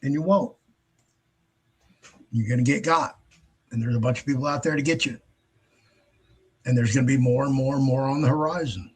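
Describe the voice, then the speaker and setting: Husky, blunt, swearing man. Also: medium pitch, brisk, long pauses, a little mellow. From United States. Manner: blunt, profane, rambling. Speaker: host. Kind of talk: casual monologue.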